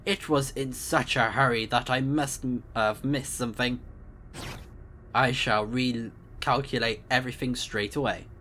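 A man's voice: mid-range voice, steady tone, a little slow, bright, forceful tone, slight background noise. A man reading out the lines of a formal, dutiful male starship AI in a stiff, polite manner, with small stumbles. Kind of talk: reading game dialogue aloud.

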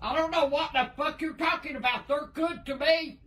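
An older woman making prank videos, cursing and yelling at her grandson in rough, profane banter. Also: high voice, fairly even intonation, normal speed. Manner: foul-mouthed, yelling, cackling.

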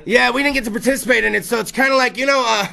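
A man's voice: very high voice, racing, vocal fry, pushed and bright, faint music behind. A man hosting a talk show, riffing through rowdy, profane comedic bits and putting on voices for the stories. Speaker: podcast host.

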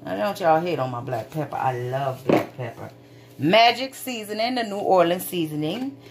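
Woman hosting a relaxed home cooking video, talking warmly and loosely to her viewers with the odd curse. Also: lowish voice, moderate pace, heavy background noise. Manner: chatty, folksy, calls viewers sweet babies, swears casually. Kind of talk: casual cooking demonstration. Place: home kitchen.

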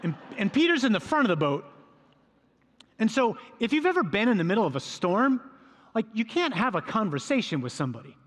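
A man preaching a sermon, his voice sitting fairly high for a man. He tells the scripture as a lively story and slips into the voices of the people in it. The sound rings with the long reverb of a large hall. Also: a little fast. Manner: storytelling, acts out voices of disciples. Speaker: priest preaching.

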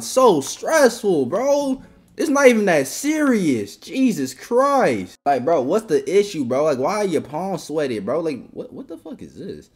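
Woman, gaming commentary, profane and excitable, wildly swinging pitch, low-set voice. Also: measured pace, breathy edge, faint music behind. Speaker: gaming channel host.

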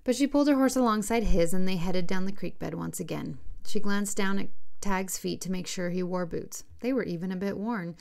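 A woman, the author, narrating her own romance novel as an audiobook in a steady, unhurried reading. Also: mid-range voice, gravelly.

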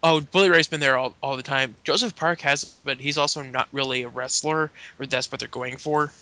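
A man's voice: medium pitch, steady tone, a little fast, bright, forceful tone, dry recording. A Canadian man co-hosting a podcast, rambling through a wrestling recap and acting out wrestlers' lines in voices. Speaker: podcast co-host. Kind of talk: casual chat, recapping wrestling.

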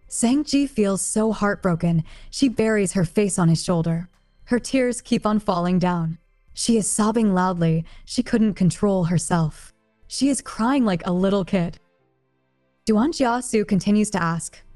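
A woman narrating a translated romance novel as an audiobook, in a plain, even read-aloud delivery. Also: mid-range voice, a little slow. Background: faint music.

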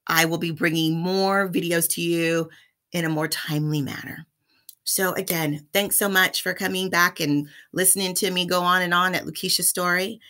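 Bright-voiced chatty woman. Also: on the low side, normal speed. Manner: chatty, animated, addresses viewers as y'all. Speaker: vlogger. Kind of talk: casual storytelling vlog.

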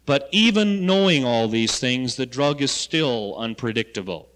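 A man's voice: medium pitch, animated, a little slow, fairly bright tone. Man, health educator, lecture to students, folksy anecdotes, rhetorical questions, reverberant hall. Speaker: health education coordinator speaking at a symposium. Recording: reverberant hall, 1970 archive recording.

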